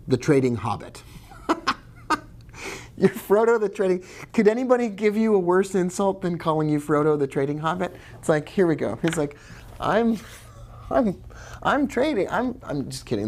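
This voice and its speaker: A man's voice: fairly low pitch, darkish tone. A man teaching about trading in a casual video lesson, chatty and digressive, with jokes and asides. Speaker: trading educator.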